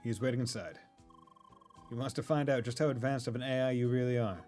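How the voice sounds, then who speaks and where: Streamer reading a dry skeptic, plain mid-pitched voice. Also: male voice, brisk, darkish tone, faint music behind, close to an everyday voice.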